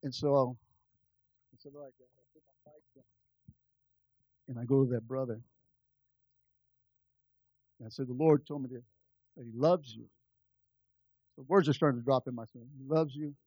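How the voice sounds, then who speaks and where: A pastor telling a personal story in a sermon, moving between quiet, confiding asides and loud, lively peaks. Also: male voice, mid-range voice, moderate pace, pauses often, breathy edge, no room sound, highs cut off. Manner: animated, swings from soft asides to loud climaxes.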